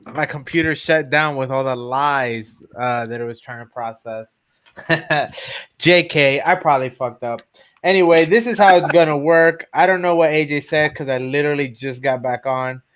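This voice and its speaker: A man's voice: on the high side, a bit bright, smooth. A man hosting a casual livestream, brash and joking as he explains a party game. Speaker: host.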